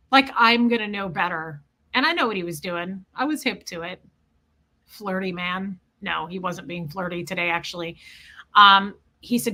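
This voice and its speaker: A woman's voice: mid-range voice, measured pace, bright, forceful tone. A woman hosting a casual livestream, rambling through a story and greeting viewers as she goes. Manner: scattered, chatty, greets viewers mid-story. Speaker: livestream host.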